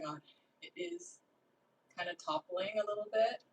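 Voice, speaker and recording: A woman chatting to the camera as a baking vlogger, excitable, gasping and giggling as she plates cake. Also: medium pitch, normal speed, distant mic, a little hiss or hum, poor audio. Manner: talks to the camera while plating cake. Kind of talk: casual vlog chat.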